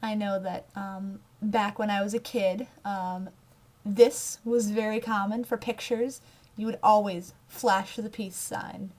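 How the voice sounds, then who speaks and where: A young woman from the United States talks casually to her camera in a chatty, giggly way, gesturing with her hands as she goes. Her voice sits at an ordinary middle pitch. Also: steady tone, slow pace, a little mellow. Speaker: vlogger.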